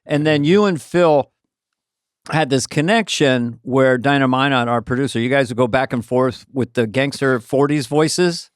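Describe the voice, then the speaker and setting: A man's voice: mid-range voice, normal speed, clean tone, no room sound, clean studio sound. A man hosting a live podcast in casual chat, laughing along and steering the conversation. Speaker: podcast host. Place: theater stage.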